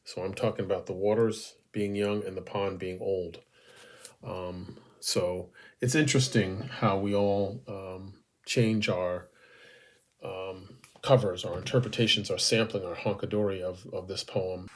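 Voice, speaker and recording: Slow, low-voiced man musing on poems. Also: steady tone. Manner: unhurried, many ums and uhs, thinking aloud. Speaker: haiku teacher and host. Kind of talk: relaxed spoken lesson.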